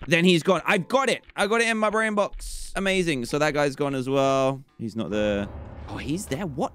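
A young man giving excitable commentary while playing a horror game, talking to the game's characters and jumping high in pitch when startled. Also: slight background noise. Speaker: gaming YouTuber.

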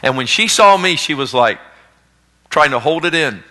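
A man preaching a sermon as pastor, swinging between loud exhortation and hushed storytelling. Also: fairly high pitch, lively intonation, moderate pace. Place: church sanctuary, live service. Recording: long reverb of a church hall.

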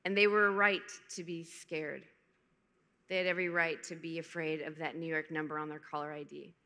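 A woman's voice: sits low, flat delivery, moderate pace, sharp tone. Emotional woman speaker in a reverberant hall. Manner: emotional, candid storytelling with self-deprecating humor. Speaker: conference speaker. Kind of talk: personal testimony talk. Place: large conference hall.

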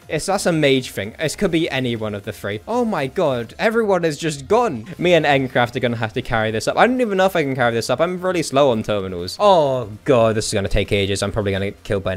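A young man streaming a game, commenting live in an excitable, jokey way and often breaking into laughter and yelps. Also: medium pitch. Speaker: gaming streamer.

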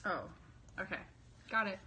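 A woman's voice: medium pitch, normal speed, background noise. A young woman vlogging casually as she unboxes a camera, bubbly and chatty, full of fillers and self-deprecating asides.

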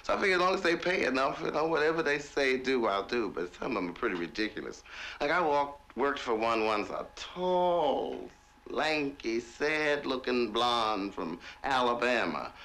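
A man's voice: mid-range voice, very animated, moderate pace, a bit bright. A man telling stories in a monologue, laughing often in a mocking, theatrical way as he is filmed for a documentary. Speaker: documentary subject. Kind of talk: storytelling monologue.

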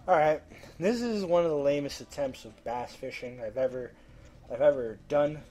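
At normal speed and in a mid-range, slightly mellow voice, a gameplay commentator swears at the fish and trash-talks them while pleading for a bite. Soft music plays in the background, and his coaxing gives way to frustration.

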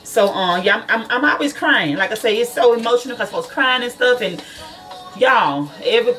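A woman's voice: fairly high pitch, lively intonation, moderate pace, fairly bright tone, far from the mic, soft background music. Chatty, cursing woman vlogging to viewers. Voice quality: chatty, swears freely, calls viewers y'all. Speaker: nail and beauty school student vlogger. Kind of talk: casual chat to viewers.

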